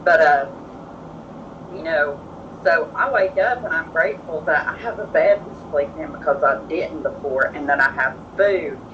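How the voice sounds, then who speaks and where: A podcast guest speaks bluntly and folksily in a casual chat. The voice sits a little high and sounds distant from the mic. It comes through dull and muffled, with clear background noise. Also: male voice, moderate pace. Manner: blunt, self-deprecating, folksy.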